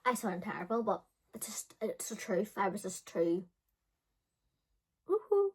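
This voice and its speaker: A woman's voice: medium pitch, fairly even intonation, moderate pace, husky. A woman in her thirties telling a personal story in a chatty, dramatic way, full of filler words. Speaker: vlogger. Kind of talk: casual storytime chat.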